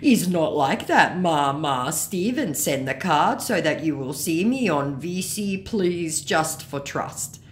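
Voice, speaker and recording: A woman voicing a pushy male online scammer who pleads in halting, broken English. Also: sits low, expressive, a little hiss or hum, voice pushed up. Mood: pleading.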